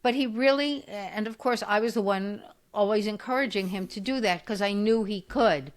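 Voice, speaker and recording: A woman in her eighties, a physical therapist guest on a podcast interview, telling stories lively and acting out the voices of the people in them. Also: medium pitch, moderate pace. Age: 80s. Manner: animated storyteller who acts out quoted voices.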